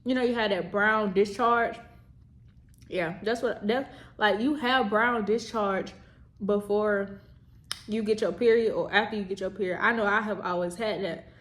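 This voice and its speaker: A woman's voice: medium pitch, fairly even intonation, moderate pace. A young adult woman vlogging in a casual, rambling chat to the camera, repeating herself and talking straight to her viewers. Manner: rambling, chatty, repeats herself, says "y'all".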